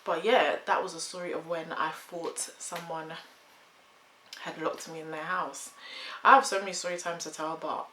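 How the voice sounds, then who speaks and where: A young woman in her twenties chatting through a storytime vlog with animated storytelling. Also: lowish voice, moderate pace. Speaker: vlogger. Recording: echoey room, faint hum.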